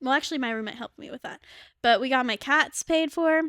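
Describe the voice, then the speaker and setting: A woman's voice: high-pitched, a little fast, a bit bright, no echo. A young adult woman hosting a podcast in casual chat, talking bluntly and swearing freely. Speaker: podcast host.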